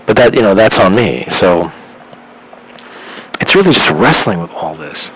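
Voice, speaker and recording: Husky-voiced man rambling a story. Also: low voice, big pitch swings, a little slow, a bit bright, poor audio. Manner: stammering restarts, lots of filler words. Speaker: vlogger.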